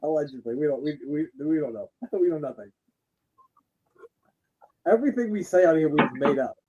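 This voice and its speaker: Watching wrestling with a podcast co-host, this young man keeps things casual, laughing a lot, cracking jokes, and throwing in crude, animated impressions. His voice sits fairly high at a moderate pace, captured in lo-fi sound with a noisy background.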